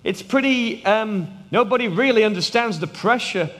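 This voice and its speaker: A man in his thirties with a British accent, a missionary preaching a sermon and telling stories, at times dropping to hushed tones. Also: high-pitched, lively intonation, normal speed, in a large hall. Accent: British English. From England. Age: 30s. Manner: storytelling, drops to hushed tones for effect.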